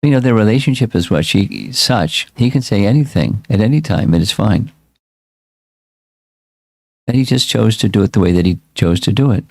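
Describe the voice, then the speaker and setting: Low-voiced man teaching scripture. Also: animated, moderate pace, creaky, no room sound, clean studio sound. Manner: reflective, repeats words, frequent restarts. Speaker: spiritual teacher reading scripture. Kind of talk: casual scripture class.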